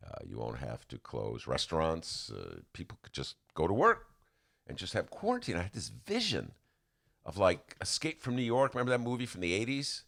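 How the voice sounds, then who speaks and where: Chicago male podcast host, animated, lively pitch, studio chat. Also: moderate pace, gravelly. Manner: animated, acts out quotes in raised voice. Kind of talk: casual chat.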